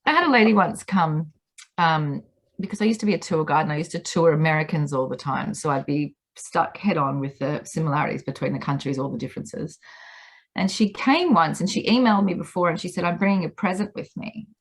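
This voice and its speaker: A woman's voice: deep voice, fairly quick, husky. A woman in her thirties with an Australian accent, a podcast guest chatting casually and acting out the people in her stories. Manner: animated storyteller, acts out quotes. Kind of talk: casual chat.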